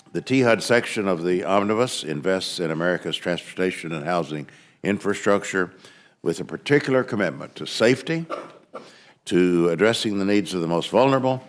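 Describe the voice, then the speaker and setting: A man with a very deep voice gives formal testimony in a hearing room. He speaks haltingly, pausing on "uh" and "um" and restarting his words. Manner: halting, hesitant, many fillers and restarts. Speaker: subcommittee chairman testifying.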